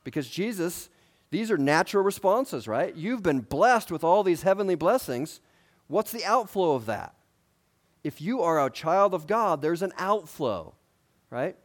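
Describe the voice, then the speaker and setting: A man's voice: high-pitched, sing-song, a little slow. A man preaching a sermon in a conversational way, asking his listeners questions and adding light humor.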